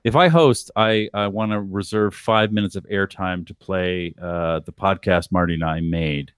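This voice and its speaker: A man with a lowish, clean voice recorded close and dry. He trades gruff, profane remarks in a loose podcast chat. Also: normal speed, dry recording. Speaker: podcast regular. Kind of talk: casual podcast banter.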